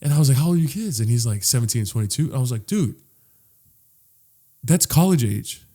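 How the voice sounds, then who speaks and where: A man's voice: mid-range voice, animated, racing, mellow. A man co-hosting a podcast, telling a long story in a casual, rambling way full of "like"s and cussing. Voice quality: rambling, profane, with many "like"s and restarts. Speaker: podcast co-host.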